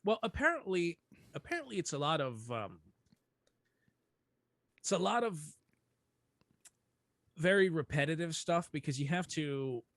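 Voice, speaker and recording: A man's voice: a little high, big pitch swings, a little slow, long pauses, a bit bright, no room sound. A young man co-hosting a casual hockey podcast, talking animatedly, laughing often and swearing casually. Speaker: podcast co-host. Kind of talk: casual chat.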